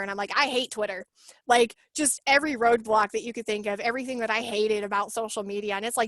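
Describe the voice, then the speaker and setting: A woman in her late twenties talks on a video call in a fairly high voice, and the sound is close and dry. She tells her story with emotion and life, acting out the lines other people said. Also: quick pace, dry recording. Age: 20s. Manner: emotional, animated storytelling with acted-out quotes. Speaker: workshop guest sharing her story. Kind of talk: casual video-call chat.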